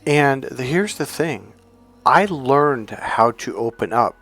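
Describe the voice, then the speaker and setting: A man speaking as a life coach in a calm, soothing, unhurried self-help talk to his viewers. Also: medium pitch, soft background music. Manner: addresses viewers directly as coach.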